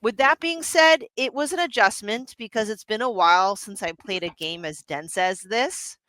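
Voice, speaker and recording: A middle-aged woman in casual podcast chat, bright and forceful in tone with a smooth, clear voice. She talks in an animated, chatty way, restarting sentences and laughing. The mic is close and dry. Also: mid-range voice, normal speed, no echo. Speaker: podcast co-host.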